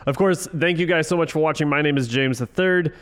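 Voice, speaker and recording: A man's voice: on the high side, a little fast, a bit bright, smooth. Playful man hosting a panel show. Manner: playful, teasing. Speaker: game show host.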